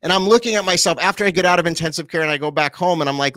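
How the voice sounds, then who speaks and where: Guy in his 40s telling his story all fired up, kinda high voice, dry close sound. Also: dry recording. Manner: animated storyteller, quick asides, laughs easily. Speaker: pastor, guest. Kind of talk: personal testimony in an interview.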